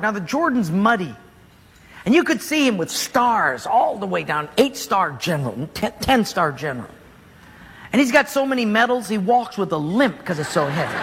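A man's voice: high-pitched, a bit bright, husky. A man preaching a sermon, retelling a story with humor and acting out the characters in voices. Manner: acts out characters with voices, jokes with the congregation. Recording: hall reverb.

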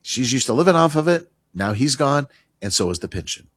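A man's voice: medium pitch, sing-song, fairly quick, a bit bright, husky, no room sound. A middle-aged man hosting a radio advice segment on retirement taxes, conversational and emphatic, dropping his voice for asides. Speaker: radio show host, retirement tax advisor.

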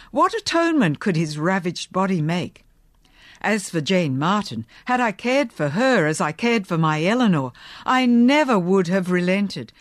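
A woman's voice: medium pitch, no echo, studio quality. A woman voicing a stern, zealous middle-aged male preacher who speaks in a fervent, sermonizing way. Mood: severe.

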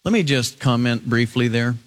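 A male pastor preaching, reading scripture aloud and adding expressive asides. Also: medium pitch, moderate pace. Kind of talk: sermon.

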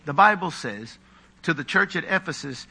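A male pastor preaching a live sermon in a high, ringing voice. His delivery is animated and full of humorous, mocking asides as he works the congregation. He sounds very bright and forceful. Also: normal speed, breathy edge.

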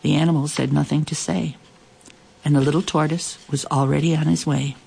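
A storyteller reading an animal fable aloud in a measured, expressive way. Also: medium pitch, vocal fry, a little hiss or hum.

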